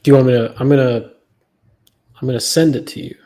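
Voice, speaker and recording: A man's voice: medium pitch, steady tone, fast talker, dark tone. A man in a casual chat, laid-back and swearing now and then.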